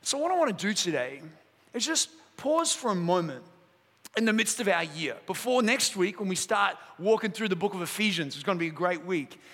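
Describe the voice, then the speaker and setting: A man's voice: high-pitched, fairly quick. A man preaching a sermon as pastor, telling stories and joking lightly with the congregation. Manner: lively storytelling, jokes with the room. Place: church auditorium. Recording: long hall reverb in a church auditorium.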